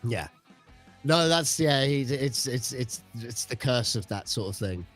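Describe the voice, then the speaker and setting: An easygoing man co-hosts a relaxed podcast chat. He talks at a middle pitch and thinks out loud, agreeing readily before adding his own points. Faint music sits behind him. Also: measured pace. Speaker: podcast co-host. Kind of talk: casual chat.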